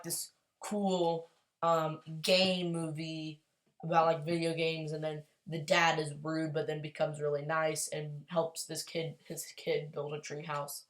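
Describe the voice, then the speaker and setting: A woman chatting casually as a YouTuber, gushing and excitable, rambling along with quick apologies. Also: sits low. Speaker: YouTuber ranking movies. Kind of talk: casual tier-list chat.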